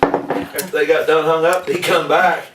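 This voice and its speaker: A man's voice: on the high side, flat delivery, a little slow. A man, spinning a folksy yarn at a party in rural slang. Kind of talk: casual storytelling at a party. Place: indoor room with a group. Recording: echoey room, distant mic, noisy.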